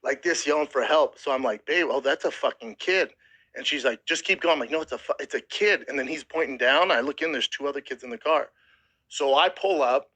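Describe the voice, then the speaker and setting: This podcast host, a man in his thirties, has a medium-pitched voice and talks fairly quickly on a poor recording. He's close to tears as he recounts a harrowing story in loose, profane chat, acting out quotes with animation.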